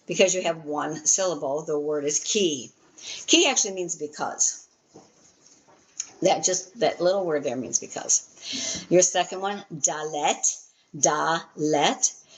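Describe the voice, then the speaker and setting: A woman's voice: low voice, poor audio. Woman teaching Hebrew, many "um"s. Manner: frequent "um" fillers, patient step-by-step explaining. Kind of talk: teaching a class from a textbook.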